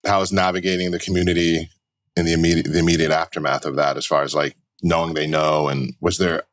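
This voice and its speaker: A man hosting a podcast interview, offering brief backchannels and asking calm, probing questions. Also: sits low, fast. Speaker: podcast host.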